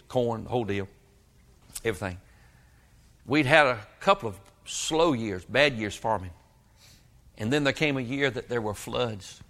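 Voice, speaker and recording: Male preacher, folksy storyteller, ordinary middle pitch. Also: a bit bright. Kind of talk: sermon.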